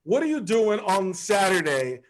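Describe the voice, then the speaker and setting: A man's voice: high voice, sing-song, a little slow, pitched above the performer's own voice, rough recording. A man voicing a mock outraged male conservative radio host who fires off accusing questions, over a video call. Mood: mock outrage.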